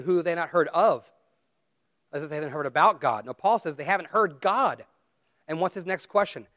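A middle-aged pastor delivering a sermon in an earnest, pleading way. His voice sits a little high for a man. He swings from loud, pressing emphasis down to quiet appeals. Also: expressive, a little fast.

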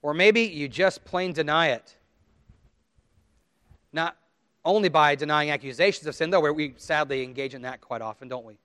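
Middle-aged male pastor, slightly high voice, dry close sound; chatty sermon delivery, voices his listeners' excuses. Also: moderate pace, long pauses, fairly bright tone, smooth, dry recording. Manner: conversational, acts out quoted inner voices.

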